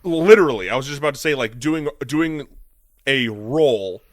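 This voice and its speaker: A man co-hosting a casual podcast chat, an animated storyteller who acts out comedy sketches in high squeaky voices. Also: normal speed, no echo, clean studio sound. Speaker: podcast co-host.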